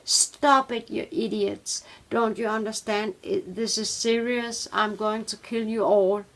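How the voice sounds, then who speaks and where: Cold menacing man with a knife, slow and gravelly in the telling, as a woman quotes him. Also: mid-range voice, fairly even intonation, close to an everyday voice, rough recording. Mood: threatening.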